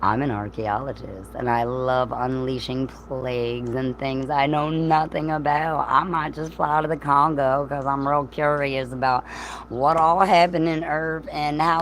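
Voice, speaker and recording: A smug, careless archaeologist, put on by a woman in a low, deadpan parody voice. The figure is played for mockery, casual and unimpressed. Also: normal speed, a little hiss or hum, close to an everyday voice. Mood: mocking.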